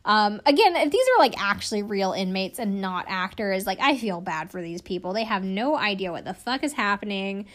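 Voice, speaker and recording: A woman's voice: mid-range voice, expressive, moderate pace, few pauses, a bit bright. A young woman casually recapping a reality show, chatty, swearing freely and laughing often.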